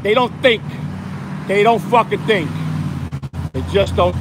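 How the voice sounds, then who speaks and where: On his phone, a male livestream host rants angrily and swears as he walks outdoors under hot sun. His voice sits high and his pace is a little slow, with a noisy background.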